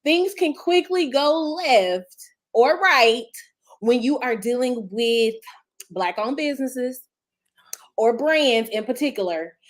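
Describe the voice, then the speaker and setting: Woman host hyping up her guest, kinda high pitched, really upbeat. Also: expressive, slow pace. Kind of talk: casual interview chat.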